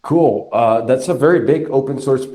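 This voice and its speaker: A man's voice: medium pitch, normal speed, warm tone. A man from Colombia with a Colombian Spanish accent, a native Spanish speaker, hosting a podcast and interviewing a guest with frequent hesitant fillers. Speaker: podcast host. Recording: echoey room.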